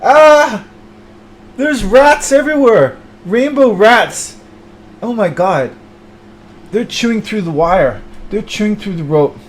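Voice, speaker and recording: A man excitedly narrating an improvised comic scene. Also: high-pitched, measured pace.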